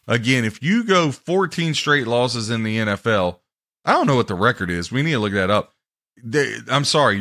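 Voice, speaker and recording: A man hosting a sports podcast, ranting and mocking teams and players in a loud, heated way. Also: medium pitch. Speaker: podcast host.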